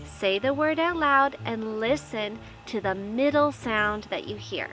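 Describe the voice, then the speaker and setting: Slow, bright-voiced kindergarten teacher woman. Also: fairly high pitch, faint music behind. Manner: cheerful, coaxing, talks straight to the viewer. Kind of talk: slow, encouraging lesson to young children.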